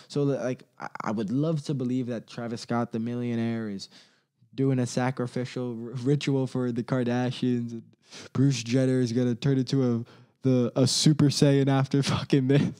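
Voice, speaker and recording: Rambling, profane man with a mellow voice. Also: mid-range voice. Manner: rambling, profane, laughing often, quick mimicry of others. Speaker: solo commentator. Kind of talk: casual ranting commentary.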